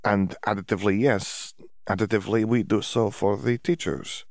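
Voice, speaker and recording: A man's voice: fairly low pitch, steady tone, normal speed, no room sound, clean studio sound, lightly acted. A man voicing a cheerful young foreign wizard student in an audiobook, who stammers and hunts for words in broken English.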